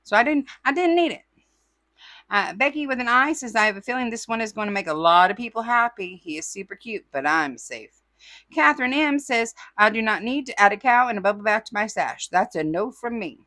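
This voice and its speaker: Host, woman from California, crisp bright tone, dry close sound, chatty comment reader who throws in y'all. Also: a little high, lively intonation, a little fast, no room sound. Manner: chatty, says y'all, reads comments aloud with asides. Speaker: host reading viewer comments. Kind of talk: casual chat.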